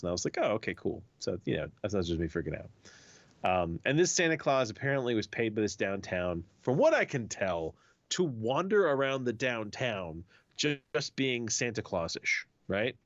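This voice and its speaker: Male co-host, low voice with lively swings, teasing storyteller, dry dull recording. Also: moderate pace, no echo. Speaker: podcast co-host. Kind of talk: casual chat.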